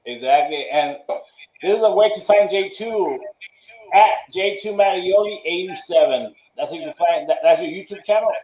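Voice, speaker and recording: Man, show host, easygoing, higher voice, roomy echo. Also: normal speed. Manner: easygoing, asks questions and gives shout-outs. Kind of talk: casual interview.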